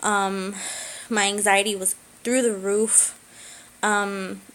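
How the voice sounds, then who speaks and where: Tearful young woman in a halting confessional. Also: medium pitch, little pitch movement, a bit bright, poor audio. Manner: halting, many fillers and pauses. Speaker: vlogger. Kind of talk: personal confessional vlog.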